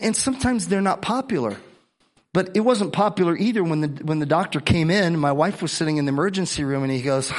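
A middle-aged man pastor preaching a sermon, earnest, often repeating words and coughing between phrases. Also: a little high.

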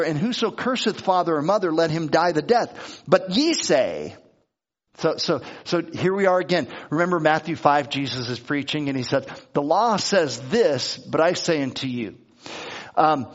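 A man's voice: a little high, muffled recording. A male pastor preaching a sermon in a conversational way, often restarting and repeating words as he reads and explains scripture.

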